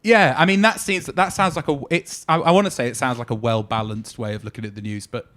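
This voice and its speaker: A man's voice: mid-range voice, steady tone, fairly quick, fairly bright tone. A man hosts a casual podcast conversation. He speaks with a wry, dry sense of humour. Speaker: podcast host. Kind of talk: casual chat.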